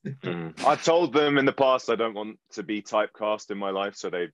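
A man's voice: fairly low pitch, expressive, normal speed, a bit bright, lo-fi sound, slight background noise. A man from London with a London English accent, an actor answering panel questions in a rambling, self-deprecating, jokey way. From London, England. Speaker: actor and guest.

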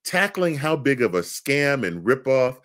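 A man's voice: medium pitch, unhurried. A man co-hosting a casual podcast, joking with his partner and reading from an article. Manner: animated, joking, reads article aloud. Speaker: podcast co-host.

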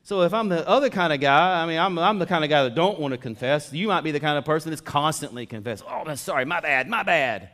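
A man preaching a sermon as pastor in a conversational style, dropping to soft asides and rising to loud emphatic stretches. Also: a little high, fast talker, hardly any pauses.

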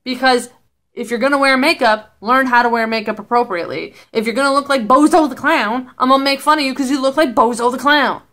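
Woman vlogger, high-pitched, blunt, sweary, sarcastic. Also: a little fast, fairly bright tone. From Canada. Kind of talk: casual vlog commentary.

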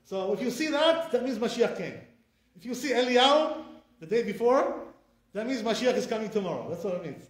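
A man's voice: very high-pitched, a little fast, echoey room. A man, a rabbi teaching an informal Torah class with conviction and lots of fillers. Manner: animated, repetitive fillers, speaks with conviction.

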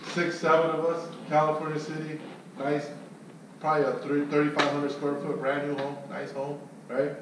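In an echoey room with a distant mic and faint background noise, a man with a fairly high voice, at normal speed, shares a sales story and offers coaching. He curses openly and animatedly plays out the people in the tale.

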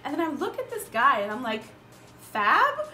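A woman in her twenties, a beauty vlogger chatting casually while doing her makeup, telling stories in an animated way with lots of fillers. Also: high-pitched, fast talker. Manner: animated storytelling, filler-heavy. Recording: roomy echo with background music.

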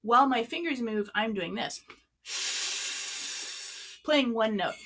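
A woman with a slightly high, bright voice runs an online clarinet workshop, speaking slowly with lively intonation and a forceful tone. She sits a few feet from the mic, demonstrating while giving friendly, practical explanations of breathing and tone.

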